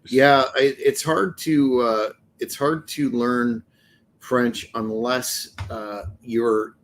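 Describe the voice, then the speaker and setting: A man from Canada, a wrestling manager co-hosting a podcast, talking in a measured, hesitant way with many fillers. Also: mid-range voice, steady tone, a little hiss or hum. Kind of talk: casual chat.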